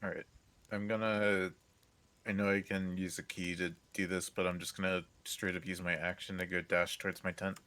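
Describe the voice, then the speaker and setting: A man's voice: sits low, little pitch movement, moderate pace, sharp tone, a little hiss or hum. A man playing a tabletop game, stating his actions in a casual, matter-of-fact way. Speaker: player.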